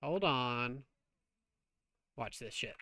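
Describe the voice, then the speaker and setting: A man's voice: mid-range voice, lively intonation, drawn-out words, pushed and bright, dry recording. A man streaming a game, chatting casually while he plays, joking and swearing freely. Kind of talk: casual gameplay chat.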